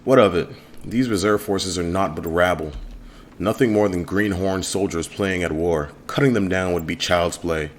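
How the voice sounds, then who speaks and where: Cocky bloodthirsty warrior guy, deep and scornful, a man reading his game lines. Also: moderate pace, a little hiss or hum, natural voice. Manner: boastful, scornful. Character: brash battle-hungry male warrior.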